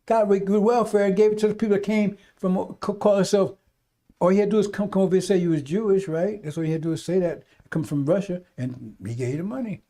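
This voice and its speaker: Fiery, preachy man with high, dark voice. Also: quick pace. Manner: fiery, preachy, swears, mimics voices in asides. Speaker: radio talk host. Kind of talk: rambling radio monologue.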